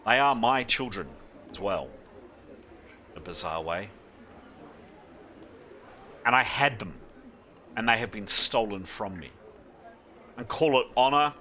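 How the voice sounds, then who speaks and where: A man voicing an older woman, a proud and stubborn former mercenary commander, in a low, measured, emotional way. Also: sharp tone.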